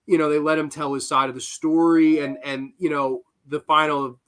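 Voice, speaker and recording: A male podcast host in casual conversation, enthusiastic and emphatic. His voice is bright and forward and sits a little high. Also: little pitch movement, moderate pace. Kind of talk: casual chat.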